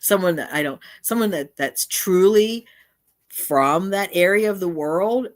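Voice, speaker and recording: The host of a relaxed live stream is a woman with a fairly low-pitched voice who speaks at a measured pace. Her talk meanders, frequently stopping partway through a thought before looping back.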